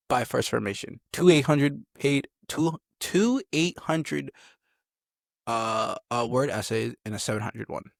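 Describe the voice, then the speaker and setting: A man's voice: mid-range voice, gravelly, dry recording. A young man, a soldier, chatting casually and telling stories with lots of animation and laughter. His voice sits in a middle register, and the sound is close and dry. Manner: animated, laughing, acts out quotes. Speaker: army soldier, podcast guest. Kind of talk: casual storytelling chat.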